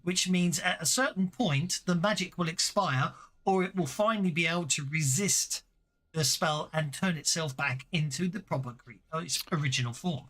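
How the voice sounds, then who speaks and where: Gm running a tabletop game, chatty, keeps fixing themself, bright voice. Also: mid-range voice, moderate pace. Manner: chatty, stops to correct themself. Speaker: game master.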